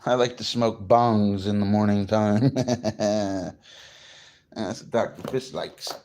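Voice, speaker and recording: A man's voice: fairly low pitch, fairly even intonation, takes it slowly, darkish tone, slight background noise. A man from New Jersey chatting casually on a morning livestream, greeting viewers and swearing freely. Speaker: livestream host.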